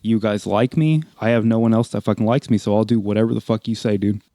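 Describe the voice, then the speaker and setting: A man talks loosely on a group podcast, swearing constantly and circling through fillers. His voice is mellow and relaxed rather than bright. The recording is close and dry. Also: fairly low pitch, fast talker, dry recording. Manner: heavy swearing, rambling with many fillers. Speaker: podcast co-host. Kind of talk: casual group chat.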